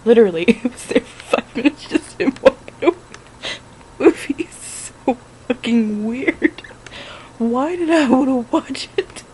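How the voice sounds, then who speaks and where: A woman's voice: sits high, lively intonation, measured pace, a little mellow, slight background noise, poor audio. Giggly, foul-mouthed woman vlogger. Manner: giggly, profane, keeps breaking into laughter. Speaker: vlogger reviewing a film. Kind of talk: casual film recap.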